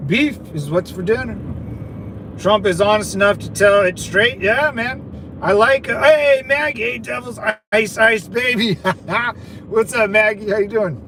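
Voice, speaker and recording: Host, middle-aged man, fairly high voice, slangy rambling livestream chat, traffic noise behind. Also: measured pace, a bit bright, rough recording. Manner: loose, rambling, slangy, calls viewers brother. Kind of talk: casual livestream chat reading viewer comments.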